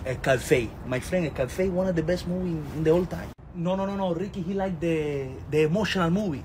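A man's voice: fairly high pitch, a little fast, a little mellow, slight background noise, low-quality recording. A man, a comedian teasing a friend in broken English in a skit.

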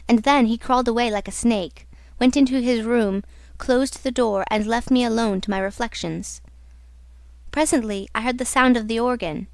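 Woman reading an audiobook, dramatic and measured, slightly high voice, dry sound. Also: no room sound. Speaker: audiobook narrator. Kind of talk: scripted narration.

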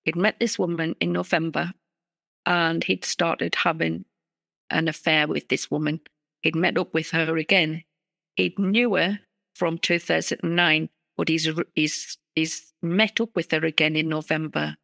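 A middle-aged woman, a guest in an interview, telling a personal story in an earnest, halting way with many restarts. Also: deep voice, flat delivery, gravelly, fairly bright tone, dry recording.

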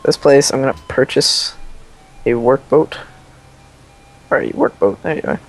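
A man's voice: mid-range voice, measured pace, gravelly, faint music behind. A young man hosting a multiplayer strategy game session, rambling and joking in casual banter. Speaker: let's play host.

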